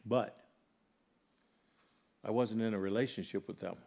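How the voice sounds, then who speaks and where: A man preaching a sermon, earnestly putting questions to his congregation and moving between loud, emphatic lines and soft, quiet ones. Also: on the low side, fairly even intonation, measured pace, vocal fry. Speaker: pastor.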